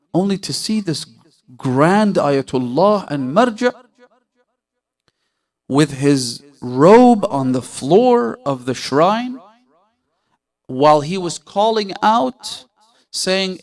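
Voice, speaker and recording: A man's voice: expressive, slow, pauses often. A man preaching a sermon, telling stories with passion and asking his listeners rhetorical questions. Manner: impassioned storytelling, asks listeners rhetorical questions; voice swells loud and high at emotional peaks.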